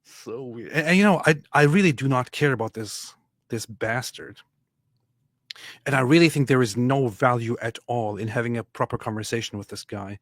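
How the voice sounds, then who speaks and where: A man at a middle pitch tells a story in casual podcast chat. He is animated, often restarts his sentences and acts out the other person's lines. The sound is close and dry. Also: moderate pace, no echo. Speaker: podcast co-host.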